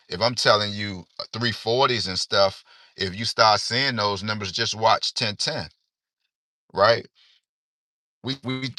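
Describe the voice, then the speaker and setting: A man's voice: fairly low pitch, bright, forceful tone, no echo, studio quality. A man hosting a casual lottery-tips livestream, rambling and laid-back, dropping "man" into nearly every sentence.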